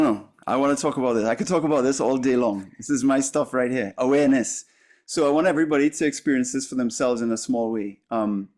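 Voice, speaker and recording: A man's voice: medium pitch, darkish tone. A man coaching a class, speaking in an earnest, emphatic way with frequent fillers and restarts. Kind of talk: teaching a masterclass.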